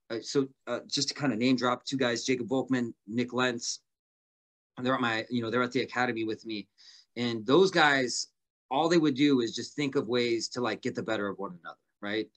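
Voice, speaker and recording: Man, podcast guest, casual storytelling, halting with fillers, medium pitch. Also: fairly bright tone. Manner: rambling, many fillers and restarts. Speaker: guest fighter.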